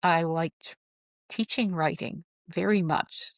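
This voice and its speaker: A woman author chatting in an interview, telling stories in a lively way and acting out the voices she quotes. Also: lowish voice, takes it slowly, no echo, clean studio sound. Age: older. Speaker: guest author. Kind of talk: casual interview chat.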